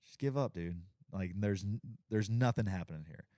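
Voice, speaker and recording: A man voicing a mocking devil who taunts a laboring man, hushed and scornful. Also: on the low side, moderate pace, no room sound, clean studio sound, close to an everyday voice. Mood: taunting.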